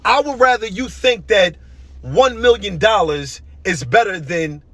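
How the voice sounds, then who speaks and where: A man's voice: sits high, lively intonation, unhurried, pushed and bright. A young man delivering an impassioned, emotional monologue, hammering his points with repeated phrases.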